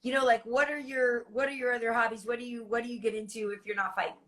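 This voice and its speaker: A woman host leads a casual interview with quick follow-up questions. She speaks a little higher than most women and drops in "like" and "you know" as she goes. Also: steady tone, a bit bright.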